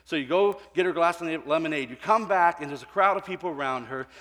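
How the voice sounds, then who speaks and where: Man, pastor, lively storytelling sermon, voices people in his stories, high voice, long echoing hall. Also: quick pace. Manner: animated storyteller, voicing people in his anecdotes, swinging from quiet to shouting. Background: congregation.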